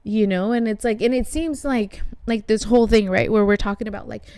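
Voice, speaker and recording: A woman's voice: mid-range voice, brisk, a little mellow, clean tone. A woman hosting a casual conversation, chatty and peppered with swearing and fillers. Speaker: host. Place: art studio shop.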